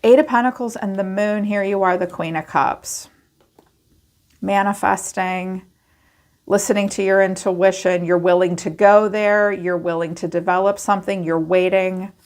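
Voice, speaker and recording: A woman giving a chatty tarot reading to camera, acting out quoted thoughts in animated asides. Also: medium pitch. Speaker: tarot reader.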